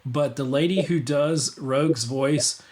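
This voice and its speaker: A man's voice: mid-range voice, takes it slowly, darkish tone. A man hosting a casual livestream podcast, rambling with many restarts and fillers. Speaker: podcast host.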